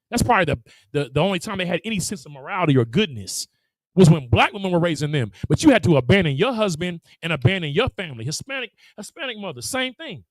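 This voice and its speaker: A man teaching a congregation, animated and laughing as he acts out voices. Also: high voice, no echo, low-quality recording. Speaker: religious teacher. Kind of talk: lively preaching to a congregation.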